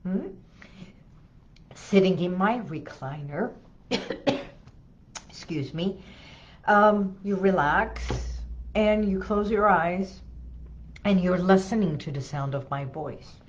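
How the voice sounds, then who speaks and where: A woman hypnotherapist talking in an animated, hands-on way from her office. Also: on the low side, takes it slowly, long pauses, dull audio, a little hiss or hum. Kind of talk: casual talk to camera.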